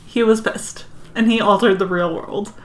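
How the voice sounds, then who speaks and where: A woman playing a tabletop game, bossy and quick to steer her group. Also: medium pitch, steady tone. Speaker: player. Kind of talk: casual tabletop play.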